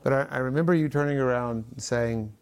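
Man, co-host, casual chat, mid pitch, small restarts. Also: fast talker, clear, resonant tone.

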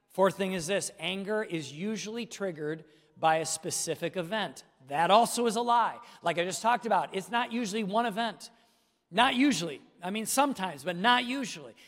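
A man's voice: high voice, a bit bright, big-room sound. A middle-aged male pastor preaching a sermon with emphasis, speaking straight to his congregation. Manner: emphatic preaching, addresses listeners directly.

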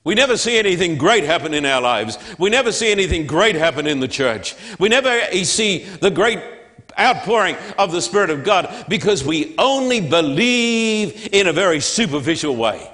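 A man's voice: sits high, very animated, normal speed, bright, forceful tone. A man preaching a sermon in church, with an emphatic, repetitive cadence. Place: church sanctuary. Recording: long hall reverb.

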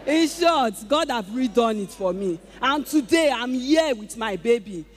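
A Nigerian woman giving an animated testimony to a church congregation, exclaiming and acting out conversations. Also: on the high side, a little slow. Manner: animated, exclaiming, acts out dialogue. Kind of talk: emotional testimony before a congregation. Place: large church auditorium. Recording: echoey large auditorium.

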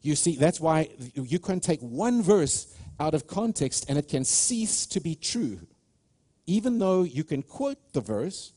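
Preaching live in a church sanctuary, a South African pastor has a fairly high but dark-toned voice, very animated yet unhurried. His earnest sermon proceeds in stops and starts, with frequent restarts and calls out to the congregation.

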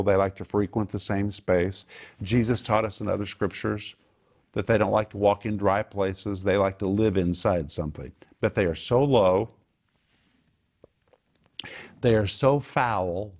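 A man preaching a sermon in an animated, emphatic way, posing rhetorical questions and answering them himself. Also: on the low side, normal speed.

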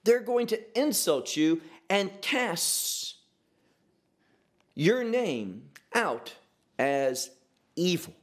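A man's voice: sits high, big pitch swings, drawn-out words, pauses often. A man preaching a sermon, emphatic, asking rhetorical questions and drawing out key words.

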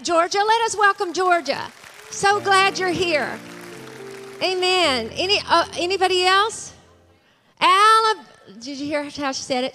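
A woman with a very high, bright voice greets a congregation from a church stage. She talks with excitement and calls out to people in the crowd. Soft music plays behind her. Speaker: pastor welcoming visitors. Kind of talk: church service welcome. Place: large church sanctuary.

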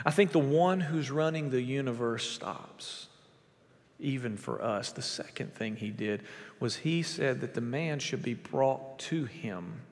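A man preaching a sermon as a pastor, emphatic, with big swings in pitch and volume. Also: creaky, long reverb tail.

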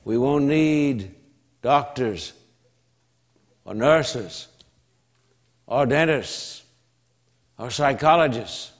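An Australian man preaching a sermon at an unhurried, deliberate pace. His voice sits in an ordinary middle pitch, and he leans hard on each phrase, repeating words for emphasis and pausing between lines. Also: lively intonation. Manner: emphatic, slow preaching with long pauses and repetition.

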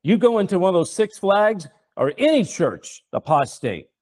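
A man's voice: sits high, big pitch swings, normal speed, darkish tone. A middle-aged man hosting a religious talk show, preaching fervently with rhetorical questions and repeated words. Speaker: host and preacher.

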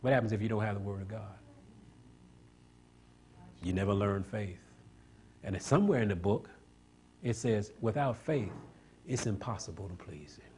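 A man's voice: fairly low pitch, moderate pace, pauses often, a little mellow, a little hiss or hum. A man preaching a sermon, pushing each point up into emphatic, rising climaxes and drawing call-and-response from the congregation. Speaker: pastor.

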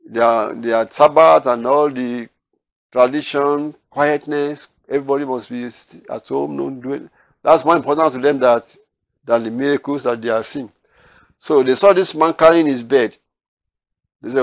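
A male preacher teaching from scripture, pitched in an ordinary middle range for a man. He acts out the people in the passage, rising in loudness on key lines. The sound is dry, close and free of room echo. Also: measured pace. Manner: animated, acts out quoted voices with rising loudness. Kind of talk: Bible teaching.

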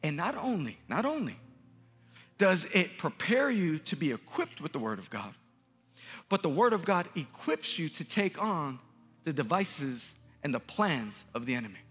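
A male pastor preaching a sermon in a large church, emphatic and repetitive, building up to shouts. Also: on the high side, very animated, moderate pace, slightly rough, long reverb tail, faint music behind.

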